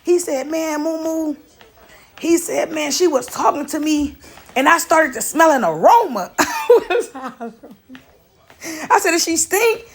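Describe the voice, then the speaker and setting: High-voiced animated woman storyteller. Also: measured pace, pauses often. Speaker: preacher storyteller. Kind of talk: casual spiritual testimony.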